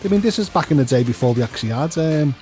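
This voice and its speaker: A man's voice: on the high side, lively intonation, very fast, warm tone, soft background music. Stammering Scouse man chatting. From England. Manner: chatty, stammers and repeats words. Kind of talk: casual chat over gameplay.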